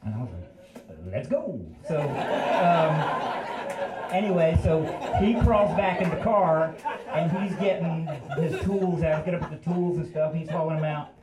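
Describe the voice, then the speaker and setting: A man's voice: fairly high pitch, measured pace, roomy sound, a loud crowd, rough recording. A man in his fifties telling a story on a live stage in a casual, rambling, self-deprecating way. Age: 50s.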